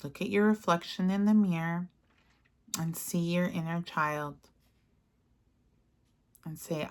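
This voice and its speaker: A woman leading a guided mirror-work lesson, speaking gentle, soothing affirmations. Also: lowish voice, slow, long pauses. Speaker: self-help guide.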